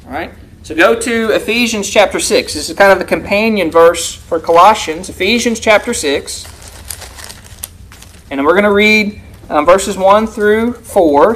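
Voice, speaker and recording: A man's voice: sits high, fairly bright tone. A man teaching a church Bible class, reading verses aloud and putting questions to his listeners. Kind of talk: interactive Bible lesson.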